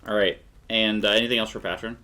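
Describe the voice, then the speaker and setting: A man acting as game master for a tabletop game, talking in a halting way with many fillers and restarts. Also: on the low side, steady tone, sharp tone.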